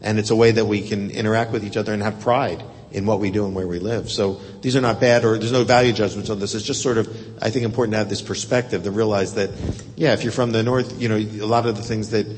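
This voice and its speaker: A radio talk show host leading a live audience discussion, rambling and thoughtful with many restarts. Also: male voice, steady tone, fast. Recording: reverberant hall with faint rumble.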